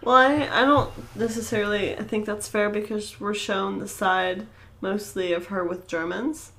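A woman co-hosting a movie podcast, talking in a relaxed, hesitant way with many fillers. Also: mid-range voice, moderate pace. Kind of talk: casual movie podcast chat.

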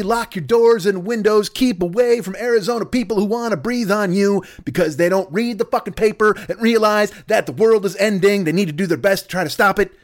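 A man hosting a podcast, delivering a profane, comedic rant monologue. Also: sits high. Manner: profane, ranting, swears constantly. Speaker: podcast host.

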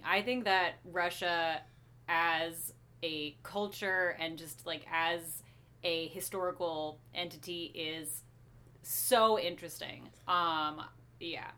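A woman's voice: fairly low pitch, fairly even intonation, takes it slowly, bright, forceful tone. A woman co-hosting a comics podcast in casual chat, wry and rambling, trailing off at times. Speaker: podcast co-host.

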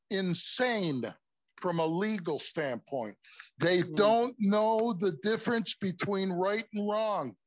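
A man's voice: high-pitched, no room sound. A man preaching in a conversational way to a class, often addressing them as folks. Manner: conversational, repeatedly says "folks". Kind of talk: sermon. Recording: muffled, lo-fi recording.

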